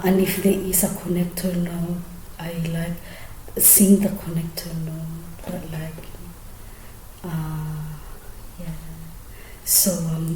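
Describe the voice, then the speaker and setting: A woman explaining her singing technique in a soft, often half-whispered, hesitant way with many fillers. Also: low voice, slight background noise. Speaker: singing teacher. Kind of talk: casual singing tutorial. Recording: roomy echo.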